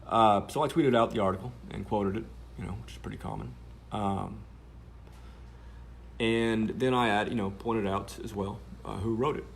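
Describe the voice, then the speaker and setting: A man's voice: lowish voice, fairly even intonation, moderate pace, gravelly. A man telling a story to camera in a sardonic, rambling way, with many fillers.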